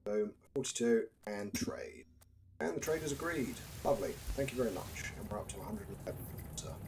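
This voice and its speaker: A British man with a fairly low voice talks through a survival game stream in a casual, dry, chatty way, tossing off wry asides. Clear background hiss sits under his home microphone. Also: big pitch swings, fairly quick, a little mellow. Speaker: gaming live streamer.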